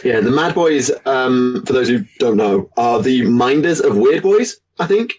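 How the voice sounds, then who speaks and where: Husky-voiced man co-hosting a podcast. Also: medium pitch, expressive, measured pace, a little mellow, low-quality recording. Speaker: podcast co-host. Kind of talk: casual chat.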